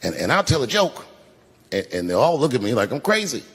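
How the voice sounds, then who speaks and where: A man in his forties doing a stand-up comedy set, telling stories and dropping his voice low for quoted lines. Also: sing-song, fairly quick, gravelly. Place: large live venue. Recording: echoey large venue with loud ambience.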